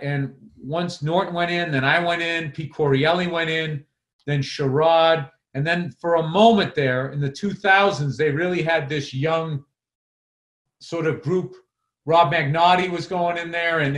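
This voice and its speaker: Comedian guy swearing his way through a story, slightly high voice, roomy echo. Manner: profane, animated storytelling. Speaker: podcast co-host and comedian. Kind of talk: casual storytelling chat.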